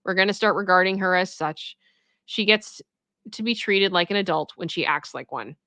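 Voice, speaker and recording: A woman hosting casual story commentary, chatty and animated, often laughing as she reacts. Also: lowish voice, moderate pace, dry recording. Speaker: commentary host.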